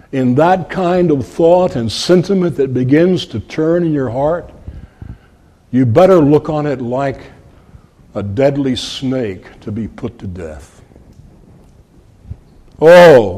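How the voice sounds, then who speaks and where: A man delivers an expository sermon at an unhurried pace. His voice sits fairly high and swings widely in pitch as he stresses words. He speaks earnestly, repeats key phrases for emphasis and calls his listeners friends. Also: darkish tone, in a large hall. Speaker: preacher.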